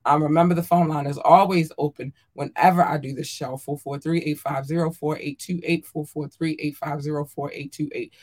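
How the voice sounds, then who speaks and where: Podcast host, casual solo chat, effusive, affectionate, lots of ums and laughs, mid-pitched voice. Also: fairly even intonation, brisk, few pauses, a little mellow. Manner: effusive and affectionate, calls listeners darlings and babies; chatty with frequent ums and laughs.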